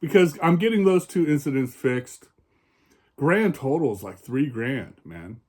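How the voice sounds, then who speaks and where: A man's voice: fairly high pitch, lively intonation, unhurried, darkish tone, breathy edge. Profane, heated man ranting. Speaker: vlogger. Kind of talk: angry personal rant. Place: home in Oregon.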